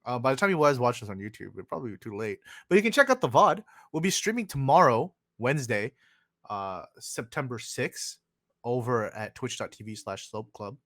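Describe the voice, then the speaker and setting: A man hosting a casual podcast, animated and joking, swearing often and calling people "dude". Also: medium pitch, brisk, no room sound, clean studio sound. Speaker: podcast host.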